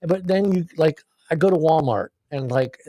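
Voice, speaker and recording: A man's voice: a little high, normal speed, warm tone, no echo. A man in his fifties co-hosting a podcast, telling rambling stories with casual swearing. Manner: rambling, profane storyteller. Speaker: podcast co-host. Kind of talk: casual chat. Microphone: podcast microphone.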